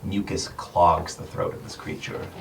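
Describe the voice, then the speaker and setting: A man's voice: a little slow, fairly bright tone, slight background noise. A man narrating a tabletop game as game master, describing scenes with many fillers. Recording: distant mic with music behind.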